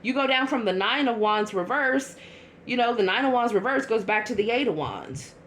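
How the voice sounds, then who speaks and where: A woman giving a casual tarot reading to her viewers, chatty and blunt, with quick asides. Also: fairly high pitch, expressive, fairly bright tone, slight background noise. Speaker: tarot reader.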